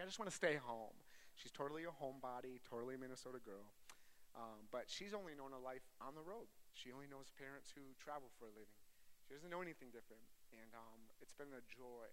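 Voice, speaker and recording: A man in his thirties, a traveling preacher, giving a chatty, joking sermon that turns softly earnest, to an audience in a large hall. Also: mid-range voice, a little hiss or hum.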